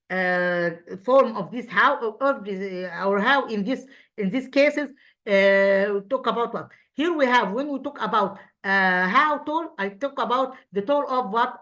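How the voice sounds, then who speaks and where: Woman teaching English, halting. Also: fairly high pitch, fairly bright tone. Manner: halting, many fillers and self-corrections, asks then answers own questions. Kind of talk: recorded classroom revision lesson. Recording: dull lo-fi audio.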